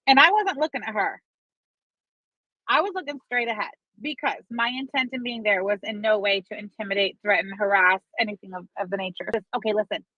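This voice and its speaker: A woman's voice: mid-range voice, a little fast, no echo. A woman telling a long gossipy story in a casual, dramatic and profane way, dragging out her fillers. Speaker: online commentator. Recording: dull lo-fi sound, dry.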